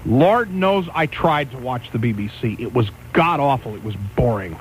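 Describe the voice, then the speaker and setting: A man's voice: medium pitch, expressive, normal speed, slight background noise, low-quality recording. A man hosting a talk radio show, ranting and rambling in casual banter. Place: radio studio.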